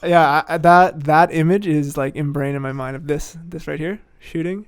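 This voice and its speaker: A young man telling a sports story on a podcast in a casual, animated way, laughing often and acting out what people said. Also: a little high, moderate pace, clear, resonant tone, no room sound.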